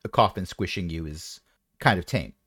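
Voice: deep voice, normal speed, a bit bright, dry recording. A game master narrating a tabletop game with a dry, joking delivery.

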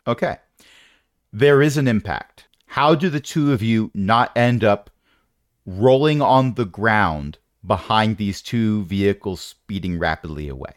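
A man's voice: fairly low pitch, animated, unhurried, dry recording, clean studio sound. A man narrating as game master in a tabletop game, wry and rambling with playful jokes.

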